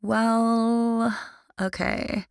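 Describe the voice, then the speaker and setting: Gossipy, bossy teen girl with attitude, drawls her lines, a touch gravelly, read by a woman. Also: on the high side, little pitch movement, very slow, dry recording, studio quality, voice pushed up, exaggerated voice. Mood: drawling. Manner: drawling, sing-song, confident.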